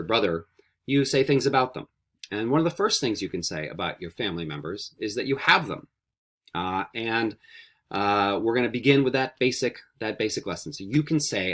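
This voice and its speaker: Lively male Spanish teacher drilling words. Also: lowish voice. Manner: slow repetition drills, animated. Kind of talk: recorded language lesson.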